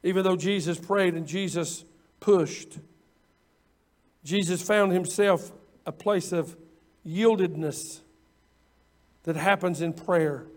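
A man preaching a sermon, impassioned and repetitive at times, then dropping into quiet asides. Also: on the high side. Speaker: pastor.

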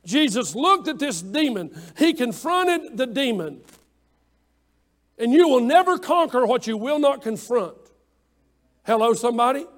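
A man's voice: very high voice, very animated, unhurried, pauses often. A man preaching a fervent sermon, calling out to his congregation and pressing his points with emphasis.

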